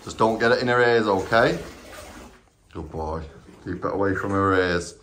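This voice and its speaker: A man's voice: lowish voice, normal speed, fairly bright tone. A man chatting casually at home, coaxing and encouraging with frequent laughter, filmed on a handheld phone in a bathroom. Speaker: dog owner. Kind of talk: casual home video chat. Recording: echoey bathroom.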